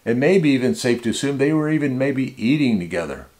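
A man's voice: medium pitch, expressive, fast, darkish tone. A man preaching a conversational sermon to a small church, teaching in an informal way with frequent restarts and repeated words. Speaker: pastor.

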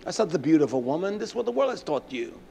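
A man preaching a sermon, emphatic and rising at times to shouts. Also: fairly high pitch, big pitch swings, quick pace, gravelly, a little hiss or hum.

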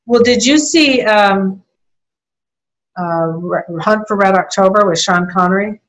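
A woman's voice: mid-range voice, measured pace, slight background noise, low-quality recording. An older woman chatting casually as an interview guest, rambling through a story with small laughs. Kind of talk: casual conversation.

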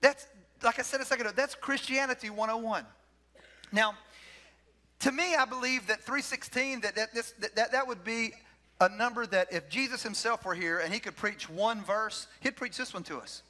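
High, bright-voiced preacher man. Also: normal speed. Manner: emphatic, repeats key phrases, leads the congregation in call-and-response. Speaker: pastor. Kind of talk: sermon. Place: church sanctuary.

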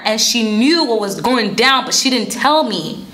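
A young woman vlogger telling a story in an animated, indignant way, with casual slang. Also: on the high side, a little slow. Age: young adult. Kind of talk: storytime vlog.

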